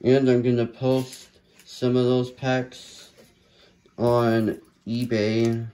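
A card collector opens trading card packs, casually narrating and muttering hopeful running commentary. His mellow, medium-pitched voice has little pitch movement and drawn-out words. The recording is rough.

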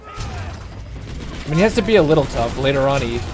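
A man's voice: mid-range voice, expressive, normal speed, noisy background. A man streaming a co-op shooter game, chatting casually and coaching his teammate through fights. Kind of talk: casual gameplay commentary.

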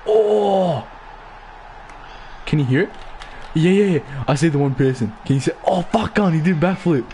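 A man's voice: a little high, lively intonation, moderate pace, dark tone, a little hiss or hum. A young man streaming a football video game, chatting casually with crude swearing and joking banter. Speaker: gaming streamer. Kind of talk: casual gaming-stream chat.

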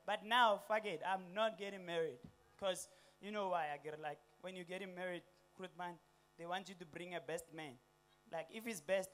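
South African stand-up, young man, very high pitch, animated delivery with slang and put-on voices. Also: slight background noise. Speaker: stand-up comedian. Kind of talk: stand-up comedy set. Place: comedy stage before a live audience.

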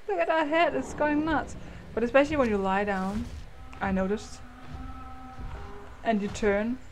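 A woman's voice: fairly high pitch, fairly even intonation, unhurried, soft background music. A woman giving chatty, playful let's play commentary with goofy asides. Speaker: gamer. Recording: game sounds loud behind voice. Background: game audio, dinosaur calls.

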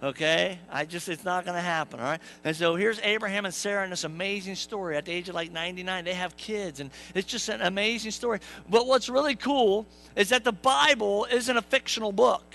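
A man's voice: high-pitched, brisk, hardly any pauses, pushed and bright, a little hiss or hum, poor audio. A male pastor preaching a sermon in a church, conversational and joking, talking to the congregation and acting out quotes in playful voices. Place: church sanctuary.

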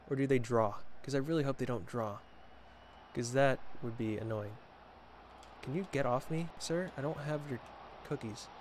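A man's voice: medium pitch, slight background noise. Chatty joking man playing a football game. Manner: chatty, joking, talks to viewers and the players on screen. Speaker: gaming video creator. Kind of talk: casual gameplay commentary.

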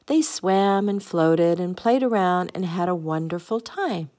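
A woman's voice: lowish voice, unhurried, dark tone. A woman reading a children's picnic story aloud in a homey way, now and then stumbling and correcting herself. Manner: homey read-aloud with small slips and self-corrections. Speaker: storybook reader.

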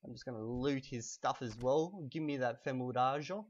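A man's voice: mid-range voice, muffled recording, slight background noise. Chatty man teaching while gaming. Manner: relaxed, chatty, repeats words slowly for emphasis. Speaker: language teacher. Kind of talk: casual lesson while playing a video game.

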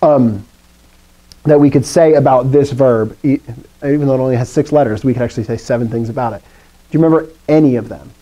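A man's voice: mid-range voice, fairly quick, warm tone, dull audio. A man teaching a classroom lesson, first reciting drills, then explaining with fillers and questions to the students.

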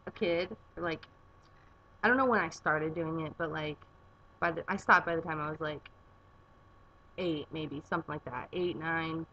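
Gravelly-voiced young woman vlogging casually. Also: on the low side, highs cut off. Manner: rambling, chatty, with filler words. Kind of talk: casual vlog chat. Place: home garage.

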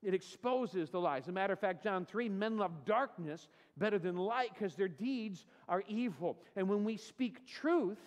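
A high-voiced pastor from California speaks at a moderate pace with hardly any pauses, his audio sounding like a large hall with the highs cut off. In the church sanctuary, he acts out quotes in a funny, self-deprecating story before turning to scripture.

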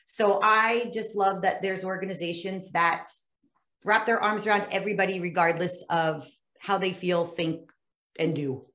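A woman's voice: on the low side, normal speed, a bit bright. A woman hosting an interview, friendly and often restarting her questions. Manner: friendly, searching for words, repeating herself. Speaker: podcast host. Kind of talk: casual interview conversation. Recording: roomy echo.

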